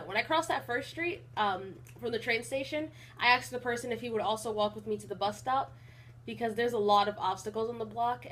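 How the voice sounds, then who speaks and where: A young woman talking casually in a rambling vlog, with an even, not very emotional delivery and lots of fillers. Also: a little high. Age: young adult. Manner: rambling with many fillers and restarts. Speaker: college vlogger.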